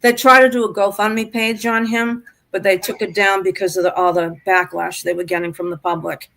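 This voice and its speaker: An older woman, a guest caller on a live stream, is upset and rambles through an emotional chat, stammering and restarting. Her mid-range voice is brisk, gravelly, and a bit bright, with a flat delivery.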